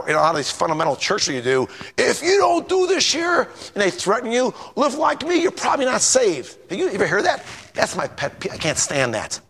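A man giving an informal sermon in a chatty, animated way, often asking the listeners questions. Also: on the high side, gravelly. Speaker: preacher.

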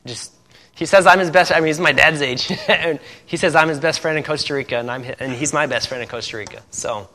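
This Indiana man, a missionary pastor, laughs frequently as he tells sermon stories in church, where the hall gives a long reverb. His voice is a little high, fairly quick, bright and forceful, with a little hiss or hum in the recording.

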